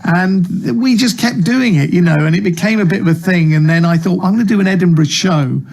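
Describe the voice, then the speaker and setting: A man's voice: sits high, fairly quick, creaky, a little mellow. A man, a comic actor, chatting in an interview about his career, self-deprecating and full of restarts, speaking over a video call. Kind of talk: casual interview chat.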